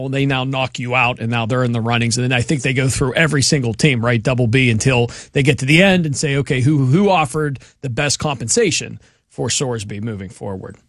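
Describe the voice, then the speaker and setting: A man hosting a casual sports chat, running through names and years with plenty of "uh" along the way. He speaks at a middling pitch, and his voice sounds close and dry, with no room echo. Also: fairly bright tone. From western Pennsylvania. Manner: chatty, lists facts with filler "uh". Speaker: sports talk show host.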